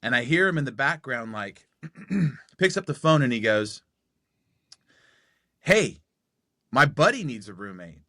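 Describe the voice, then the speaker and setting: A man's voice: medium pitch, expressive, normal speed, bright, forceful tone, no echo, studio quality. A man in his forties telling a personal story on a podcast, acting out the dialogue as he goes. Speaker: podcast guest.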